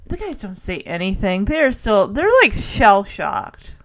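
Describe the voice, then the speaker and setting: A woman giving a casual, animated recap of a TV episode, laughing as she acts out the characters. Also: mid-range voice, a little slow, slight background noise. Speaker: show recap host.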